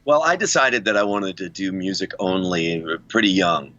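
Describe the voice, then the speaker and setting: A middle-aged American musician, appearing as a guest on a casual podcast interview, tells long, rambling stories and laughs often. His low voice swings widely in pitch at a moderate pace with a sharp tone, captured in a dry, lo-fi recording.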